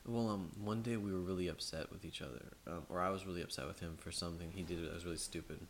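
A man with a very low voice co-hosts a podcast in loose, casual chat. He tells long, rambling stories full of fillers and restarts. A faint hiss sits under the recording. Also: fairly even intonation, quick pace. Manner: rambling storyteller, many fillers. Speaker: podcast co-host.

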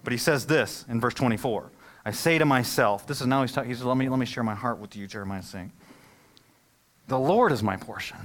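A pastor preaching a sermon to his congregation, telling stories and joking, then swelling from quiet asides to loud, emphatic peaks. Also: medium pitch, fairly quick. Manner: jokes with the congregation. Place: church service held in a movie theater.

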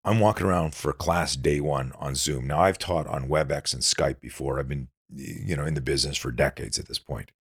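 A man's voice: very deep voice, a little fast, few pauses, slightly rough, no echo, clean studio sound. A middle-aged man, a self-defense instructor, telling stories intensely as a guest in a casual podcast interview. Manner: intense, animated storyteller with frequent restarts.

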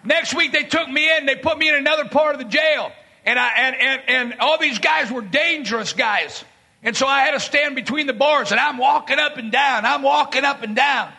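A man preaching a fiery sermon, telling stories from his street and jail ministry and shouting his main points. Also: very high-pitched, moderate pace, creaky. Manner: shouting bursts, dramatic retelling with voiced quotes.

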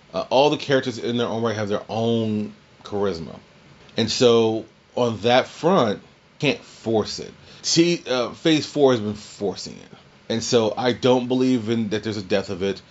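Rambling lo-fi man recapping a show. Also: mid-range voice. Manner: rambling, swears, restarts often. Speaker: podcast host. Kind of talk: casual recap chat.

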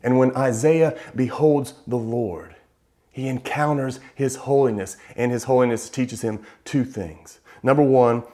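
A man preaching a sermon, emphatic, slowing down to stress key words. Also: medium pitch, mellow.

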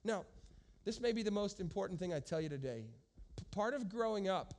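A man with a notably high voice preaches a sermon to a live congregation. He speaks emphatically and turns often to the listeners to address them directly. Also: darkish tone. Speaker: pastor. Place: church service with a congregation.

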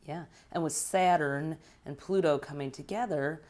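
Low-voiced woman explaining calmly. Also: normal speed. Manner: explanatory, affirming with frequent mm-hmms. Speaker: astrologer. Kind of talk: casual conversation.

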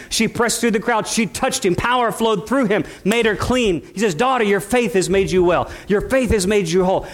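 A man preaching a sermon, building passion through repeated phrases and slowing down for quoted lines. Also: high-pitched. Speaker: pastor.

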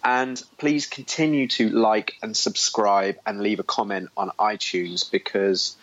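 A man's voice: fairly low pitch, fairly even intonation, unhurried, fairly bright tone. A man co-hosting a podcast in casual, joking chat, heard over a remote call. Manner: joking, playful. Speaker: podcast co-host. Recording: muffled call audio.

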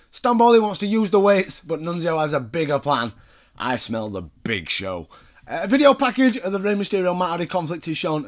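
A man casually recapping a wrestling show, chatty and wry, swearing freely. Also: a little high. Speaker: podcast host recapping wrestling.

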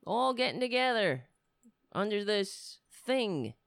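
A woman's voice: medium pitch, sing-song, takes it slowly, no echo, studio quality. Indignant, sarcastic woman ranting. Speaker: political commentator. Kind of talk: angry commentary rant.

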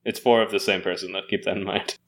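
A man's voice: sits low, fairly even intonation, fast talker, fairly bright tone. A man co-hosting an improvised comedy podcast, joking and laughing often in casual chat.

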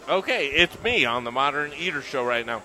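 A man hosting a food show on location, upbeat and chatty, even talking with his mouth full. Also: mid-range voice, brisk. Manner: upbeat, talks while eating.

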